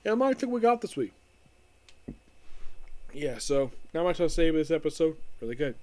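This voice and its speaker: A man's voice: on the high side, sing-song, a little fast, warm tone, no echo. A man casually recapping an anime episode as a reviewer, rambling with frequent restarts and fillers.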